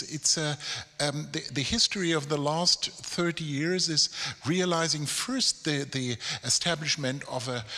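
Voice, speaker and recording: Halting moderator in a hall. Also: male voice, on the high side, bright, forceful tone. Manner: halting, repeats words while searching for phrasing. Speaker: panel moderator. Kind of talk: panel discussion. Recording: reverberant lecture hall.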